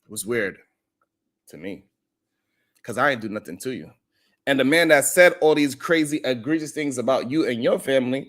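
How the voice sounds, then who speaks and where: A man's voice: mid-range voice, animated, moderate pace, long pauses, fairly bright tone. A man hosting a live stream, telling a story at length, acting out the voices in it and greeting his chat by name. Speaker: live stream show host. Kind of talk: animated live stream monologue.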